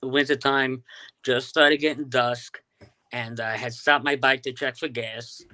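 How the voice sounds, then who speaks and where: Bright-voiced New York man. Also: mid-range voice, steady tone, measured pace. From Staten Island, New York. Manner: storytelling, many fillers and restarts. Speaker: guest, UFO sky watcher. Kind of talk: casual interview chat.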